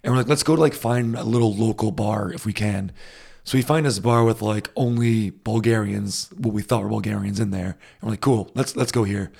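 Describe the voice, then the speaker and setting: A man's voice: fairly low pitch, brisk, gravelly, slightly rough. A man telling a travel story in casual chat, with many fillers and restarts. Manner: rambling, animated anecdotes with many fillers and restarts.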